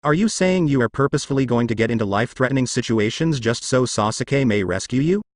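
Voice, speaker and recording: A man voicing a cold, apathetic young male ninja who speaks calmly and flatly. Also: mid-range voice, fast talker, dry recording, studio quality, natural voice. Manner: flat, calm, clipped delivery.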